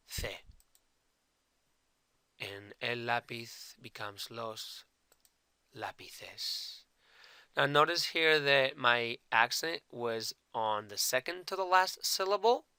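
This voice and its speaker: A male language teacher who takes his time, with a bright, forceful voice, repeating and spelling out each example word. He slips Spanish terms into his English explanation. The recording is dry and close. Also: medium pitch, clean tone, no echo. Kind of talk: explaining Spanish grammar to learners.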